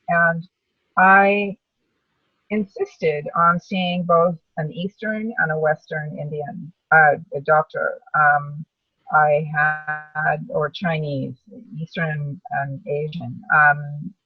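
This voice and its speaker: A woman's voice: low voice, slightly rough, no echo, recorded from a distance, narrow, tinny audio. A woman sharing her personal story as a survivor in a webinar, talking in an earnest, reflective way. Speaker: brain tumor survivor panelist. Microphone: video call.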